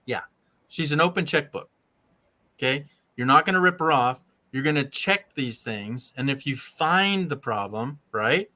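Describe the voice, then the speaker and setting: A man's voice: mid-range voice, expressive, a little slow, bright, forceful tone. A man hosting an RV channel, coaching a mechanic in casual chat and constantly checking in with "right?" and "okay?". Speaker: RV channel host.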